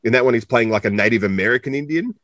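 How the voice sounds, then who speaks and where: A man's voice: medium pitch, rapid-fire, fairly bright tone. A man with an Australian accent co-hosting a casual interview, chatty and joking, rambling with lots of fillers. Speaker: co-host interviewer.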